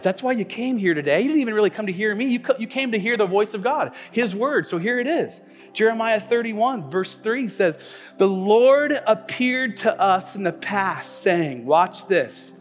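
A man preaching a sermon as pastor, telling stories with animation and swinging between loud, emphatic lines and hushed ones. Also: high-pitched, expressive, normal speed, big-room sound, faint music behind. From United States. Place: church sanctuary.

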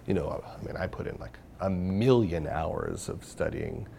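A man's voice: low voice, a little slow, vocal fry, dark tone, slight background noise. A man talking candidly in an interview as the guest, rambling with many fillers and restarts. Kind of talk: casual interview conversation.

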